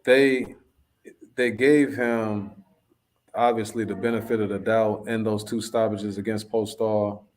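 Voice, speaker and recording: A man on a casual podcast chat who talks in a measured, analytical way. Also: lowish voice, level tone, slight background noise.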